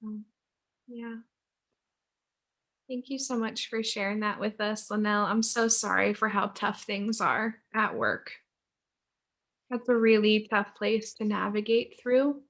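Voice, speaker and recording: A woman's voice: medium pitch, steady tone, slow, pauses often, a bit bright. A woman coaching a group on a video call, affirming and encouraging members.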